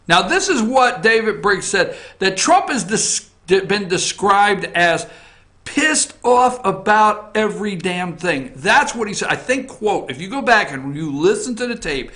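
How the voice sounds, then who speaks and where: A man hosting an opinion show from an office, animated, jumping between loud outbursts and muttered asides. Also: high-pitched, measured pace. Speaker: host. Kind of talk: opinion commentary on news and politics.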